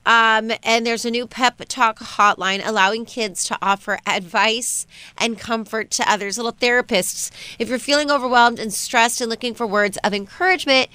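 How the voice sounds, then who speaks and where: Bright, clear-voiced gushing woman host. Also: on the high side, no echo. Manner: gushing, enthusiastic. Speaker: radio show host. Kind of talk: casual chat.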